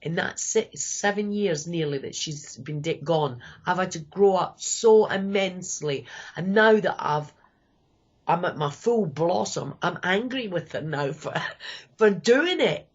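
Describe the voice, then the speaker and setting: A woman's voice: fairly low pitch, unhurried, breathy edge, lo-fi sound. A Scottish woman in her fifties, telling her life story candidly and rambling, often quoting people. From Scotland. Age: 50s. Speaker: guest. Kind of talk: personal storytelling.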